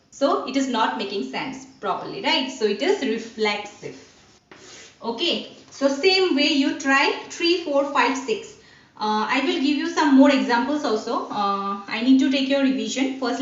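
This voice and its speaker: A woman's voice: high voice, recorded from a distance. A woman teacher with an Indian English accent, explaining a grammar lesson step by step and answering her own questions. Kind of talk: online class lesson. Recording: dull, roomy sound from off-mic.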